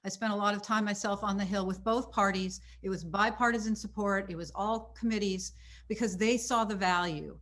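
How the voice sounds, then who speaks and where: A woman's voice: medium pitch, fairly even intonation, fairly quick, fairly bright tone, a little hiss or hum. Earnest woman speaking on a panel. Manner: earnest, emphatic, frequent "right?" tags. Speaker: panel guest. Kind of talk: panel discussion remarks.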